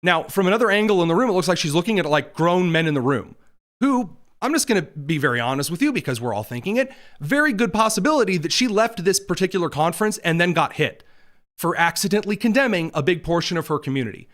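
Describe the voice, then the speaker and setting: A man's voice: sits high, expressive, fast talker, fairly bright tone. A man hosting a political commentary livestream from a studio, talking with sarcastic, mocking asides. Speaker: host.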